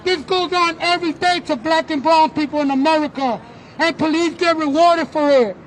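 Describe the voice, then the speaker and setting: A man giving an impassioned speech at an outdoor street rally, with halting restarts. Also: very high voice, fairly even intonation, fairly bright tone, rough recording. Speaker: protest speaker. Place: outdoor city street march. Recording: live street feed amid crowd noise. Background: crowd and street noise.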